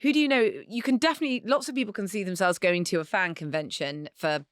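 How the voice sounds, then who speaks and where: Woman, mid-pitched voice, lively quick chat, dry close podcast mic. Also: no echo. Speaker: podcast co-host. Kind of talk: casual chat.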